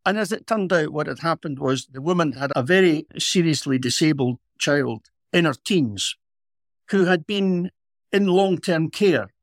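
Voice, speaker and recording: A middle-aged Scottish man, a former police officer co-hosting a podcast, telling a story in a measured, reflective way. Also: fairly high pitch, lively intonation, dry recording, clean studio sound. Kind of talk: casual storytelling.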